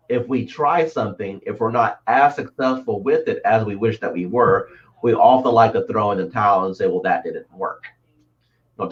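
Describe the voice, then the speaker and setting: A man who is the guest on an interview show, talking about sales and mindset with lively, acted-out stories. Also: on the low side. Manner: animated storyteller, acts out voices. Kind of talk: motivational interview talk. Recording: dull lo-fi audio.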